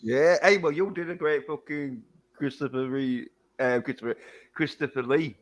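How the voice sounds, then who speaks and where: A man's voice: medium pitch, moderate pace. Rambling British man swearing casually. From Britain. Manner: rambling, heavy swearing, loose. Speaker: livestream host. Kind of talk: casual chat.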